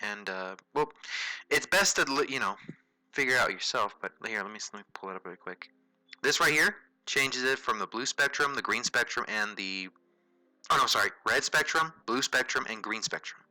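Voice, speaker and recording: Bright-voiced man casually talking through a drawing. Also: medium pitch, moderate pace, no echo, soft background music, poor audio. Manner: relaxed, chatty, thinks aloud with frequent fillers and self-corrections. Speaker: host of a drawing tutorial livestream. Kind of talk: casual livestream tutorial, narrating while drawing.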